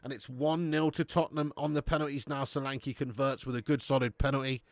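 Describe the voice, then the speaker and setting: A man's voice: medium pitch, level tone, brisk, no room sound. A man hosting a live football watch-along, reading out viewers' comments, swearing and laughing in laddish banter.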